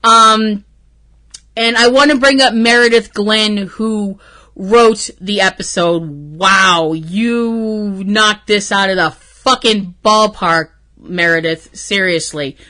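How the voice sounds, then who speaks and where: A woman hosts a fan podcast and recaps an episode in casual, emotional talk. She swears freely and gushes about the show. Her voice is bright and sharp, sitting at an ordinary pitch for a woman. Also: takes it slowly. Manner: emotional, profane and gushing. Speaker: podcast host.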